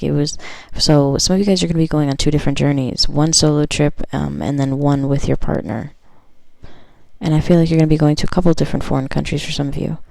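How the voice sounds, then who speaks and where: Woman tarot reader, casual chatty reading, gravelly, dry close sound. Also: sits low, a little mellow, dry recording, low-quality recording. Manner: chatty, lots of fillers, reads cards aloud then riffs.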